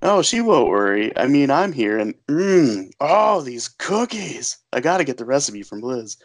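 A man's voice: medium pitch, sing-song, a little slow, voice pushed up. A man voicing an overly cheerful, cookie-obsessed male house guest who gushes in a sing-song, oblivious way. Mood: gushing.

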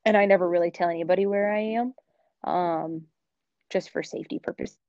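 A woman's voice: on the low side, fairly even intonation, fairly quick, a little mellow, no room sound, dull audio. A woman in casual chat, talking in an opinionated way with lots of fillers. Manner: chatty, opinionated, many "like" fillers.

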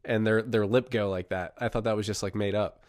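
A young man on a remote call, a podcast co-host telling a personal ghost story in a casual, animated way. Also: fairly low pitch, brisk, dry recording, studio quality. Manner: animated storyteller, acts out voices in quotes.

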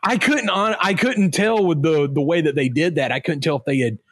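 A man with a Southern American accent, co-hosting a podcast in casual, animated chat, laughing and breaking off mid-sentence. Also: fairly high pitch, brisk, dry recording, studio quality. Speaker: podcast co-host.

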